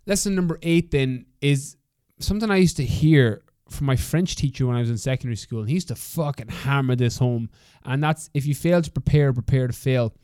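A young adult man with an Irish accent hosts a motivational solo podcast, speaking a little fast in a medium-pitched, dark, clean voice. The recording is dry and studio quality, and he talks candidly in a coaching tone, swearing freely.

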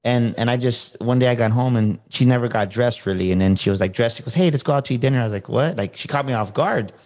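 A man's voice: medium pitch, fast talker. A man being interviewed as a motivational speaker, telling a personal story in a casual way and acting out what people said. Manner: animated, acts out quoted dialogue.

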